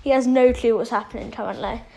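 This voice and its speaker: A woman's voice: fairly high pitch, fast talker, creaky, mellow, poor audio. A woman casually retelling a fan story, rambling with many fillers.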